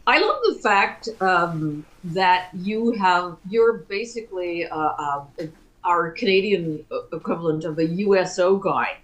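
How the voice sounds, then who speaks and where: Lower-pitched woman asking careful questions. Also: lively intonation, fairly bright tone, poor audio. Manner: measured questions with pauses and fillers. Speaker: co-host. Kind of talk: interview questions.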